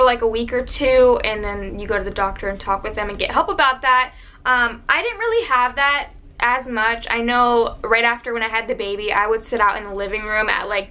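Her voice fairly high, bright, and forceful, a young adult woman chats to camera in a casual vlog sharing advice for moms. She rambles along, using "like" and "um" constantly.

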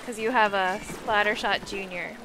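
A woman streaming a game live, chatting casually and reacting excitably to the action. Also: mid-range voice, normal speed, background noise. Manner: animated, excitable, squeals and laughs at the game.

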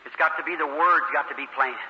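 A man's voice: on the high side, fairly quick. A man, preaching a fervent revival sermon and telling stories in the voices of the people in them. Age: 40s. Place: large meeting hall. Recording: echoey hall on old lo-fi tape.

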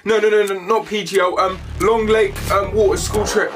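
A man's voice: high-pitched, steady tone, moderate pace, voice pushed up, lightly acted. A man voicing a frantic teenage schoolboy, stammering in panic, over background music. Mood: panicked.

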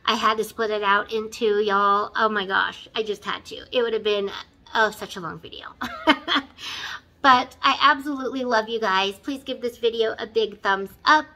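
A woman beauty vlogger in casual unboxing chat, gushing and excitable, who keeps talking straight to her viewers and drops into soft whispers when she admires something. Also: on the high side, normal speed.

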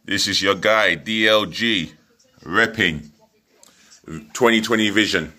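A man's voice: fairly low pitch, slow, bright, forceful tone. A man giving a chatty, rambling football match preview from home, full of fillers and restarts. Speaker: football fan vlogger. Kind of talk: casual match preview vlog.

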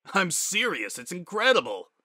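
An excited stallion dad bursting with pride, his voice lifted and loud as he brags, as a man puts him on. The tone is bright and forward in a dry, close storybook reading. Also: high voice, moderate pace, dry recording, pitched above the performer's own voice, heavily acted. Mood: gushing. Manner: eager, gushing about his daughter. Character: proud, boastful pony father stallion.

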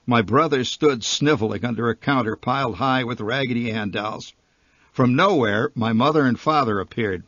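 A man's voice: medium pitch, moderate pace, a bit bright, no echo, dull audio. A man reading his own humorous short story aloud, wry and vivid in his comic storytelling.

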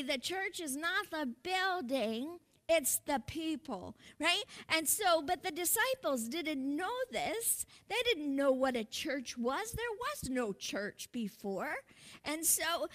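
A woman pastor preaches in a slow, measured sermon. Her voice sits high and sounds bright. She speaks earnestly, turning to the congregation with asides and laughing lightly between her points.

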